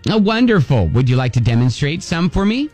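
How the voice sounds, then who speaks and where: A man's voice: on the high side, very animated, a little fast, darkish tone, soft background music, voice pushed up. A man putting on a haughty male head of a French department on a prank call, with a condescending, stammering manner. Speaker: prank caller.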